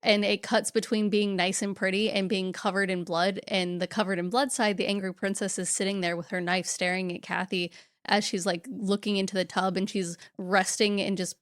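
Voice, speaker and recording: A woman's voice: medium pitch, little pitch movement, moderate pace, no echo. Woman recapping a movie, dry sound. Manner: detailed retelling with acted quotes. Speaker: podcast co-host. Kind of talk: casual movie recap chat.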